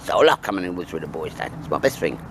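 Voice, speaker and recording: A man's voice: low voice, sing-song, rapid-fire, background noise, pitched below the performer's own voice. A man voicing his playful young male dog, sweet and childlike, calling its owner Dad. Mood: doting.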